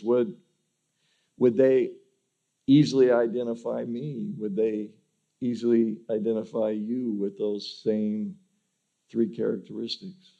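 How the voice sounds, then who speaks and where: A man's voice: on the low side, dark tone. A male pastor giving a conversational sermon, often restarting sentences by repeating words.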